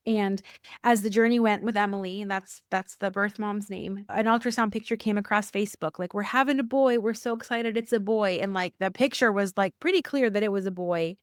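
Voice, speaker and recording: A woman of middle pitch tells a personal faith story as a podcast guest. She brings quoted dialogue to life with jumps in her voice and repeats phrases for emphasis. The recording is dry and close, with no room sound. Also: fairly quick, no echo. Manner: animated, acts out quoted dialogue with rising pitch. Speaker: church worker.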